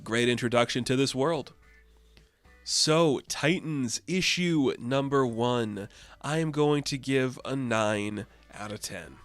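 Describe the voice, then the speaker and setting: A man's voice: mid-range voice, slow pace, soft background music. A man casually reviewing a comic book issue with enthusiastic, chatty recaps.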